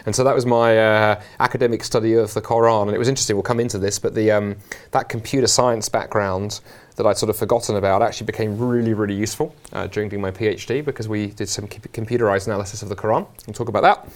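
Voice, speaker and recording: Londoner guest, quick and animated, chatty with plenty of fillers. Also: male voice, fairly low pitch. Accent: South London. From England. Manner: animated, jokey, many fillers. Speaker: guest, Christian scholar. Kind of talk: conversational interview.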